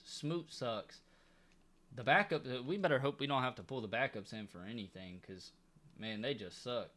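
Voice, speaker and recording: A man's voice: medium pitch, a bit bright. A young man commenting on his own football video game, complaining and begging in a comically exasperated way. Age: young adult. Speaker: gaming YouTuber.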